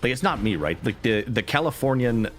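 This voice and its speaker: A man streaming a video game who rambles casually in an animated way, full of asides. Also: medium pitch, fairly quick, faint music behind. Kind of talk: casual gameplay commentary.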